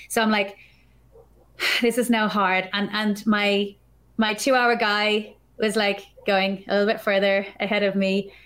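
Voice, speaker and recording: A woman guest on a podcast, telling a story in an animated, chatty way, full of filler words. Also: medium pitch. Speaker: podcast guest, developer advocate. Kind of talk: casual storytelling chat.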